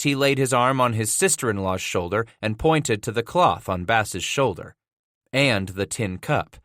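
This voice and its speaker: A man narrating a western audiobook in a steady, measured storytelling voice. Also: on the low side, dry recording, clean studio sound. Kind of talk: scripted narration.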